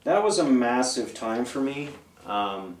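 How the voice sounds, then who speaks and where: A man's voice: mid-range voice, animated, a little slow, slight background noise. Guy in his 50s rambling thru old stories, mic a bit far off, echoey room. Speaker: interview guest. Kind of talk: casual storytelling. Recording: roomy, away from the mic.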